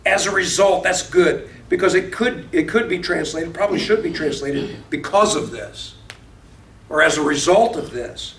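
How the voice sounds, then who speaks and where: A man's voice: fairly high pitch, normal speed, gravelly, fairly bright tone, slight background noise. A man teaching a Bible study class, reading verses aloud, explaining them and putting questions to the class. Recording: echoey room, voice far from the mic.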